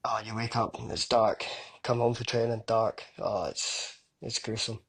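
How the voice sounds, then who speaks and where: A Scottish man in his thirties, a footballer guest on a casual podcast, telling lively stories and swearing freely. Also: on the low side, moderate pace, husky. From Scotland. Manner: lively, swears casually, tells vivid anecdotes.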